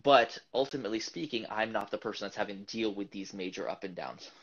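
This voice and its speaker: A man hosting a casual podcast chat, talking in a rambling, animated way with many restarts and laughs. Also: lowish voice, quick pace, a crowd in the background. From United States. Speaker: podcast host. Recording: dull lo-fi podcast audio.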